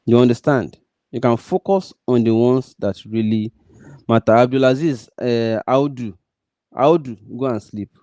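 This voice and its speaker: A man's voice: medium pitch, a little slow, mellow, no room sound, studio quality. A man with a Nigerian accent mixing Pidgin into English, giving earnest commentary and pleading with emphatic, repeated stresses. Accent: Nigerian, Pidgin-mixed English. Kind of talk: direct-address commentary.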